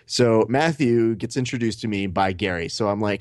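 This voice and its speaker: A man co-hosting a podcast, telling animated stories and swearing casually. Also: on the low side, fairly quick, dry recording, studio quality. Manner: animated storyteller, acts out quotes, swears. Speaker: podcast co-host.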